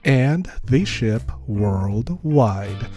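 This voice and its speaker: A man's voice: mid-range voice, expressive, very slow, warm tone, faint music behind. Campy, raunchy young male podcast host.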